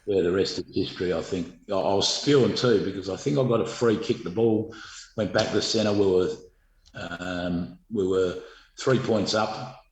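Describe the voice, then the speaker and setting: Aussie man, middle-aged, deep voice, halting yarn-spinner, roomy echo. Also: darkish tone, a little hiss or hum. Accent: Australian. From Australia. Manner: rambling, halting, many fillers and restarts. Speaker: guest, former footballer. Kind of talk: casual storytelling interview.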